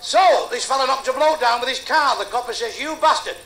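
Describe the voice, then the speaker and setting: A man's voice: very high-pitched, a little fast, creaky. A male stand-up comedian telling crude jokes and heckling the audience in a club. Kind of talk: blue club stand-up routine. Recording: noisy live club recording.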